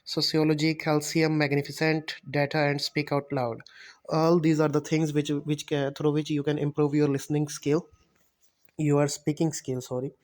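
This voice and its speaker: A man teaching a spoken English lecture over slides, halting and often correcting himself as he explains. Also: a little high, level tone. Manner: halting, self-correcting, repeats words while explaining.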